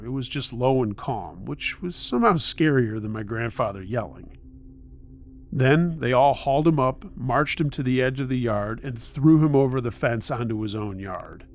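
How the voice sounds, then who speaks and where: A man's voice: mid-range voice, lively intonation, normal speed. A man narrating a true scary story in the first person, tense and urgent.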